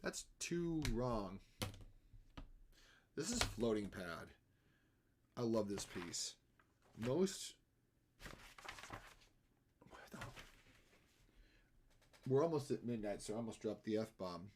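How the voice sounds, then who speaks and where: A man's voice: fairly low pitch, sing-song, slow, pauses often, a little hiss or hum. Chatty, laughing male livestreamer. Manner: rambling and chatty, laughs often. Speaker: livestreaming artist. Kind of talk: casual chat while drawing on a live stream.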